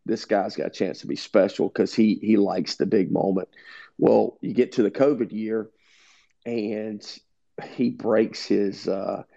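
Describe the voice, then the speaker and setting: Middle-aged coach guy, gravelly and mellow, flat-ish delivery, kinda dull lo-fi audio. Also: on the low side. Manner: animated storyteller who acts out quoted dialogue. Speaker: head baseball coach. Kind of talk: interview storytelling. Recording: dull lo-fi sound.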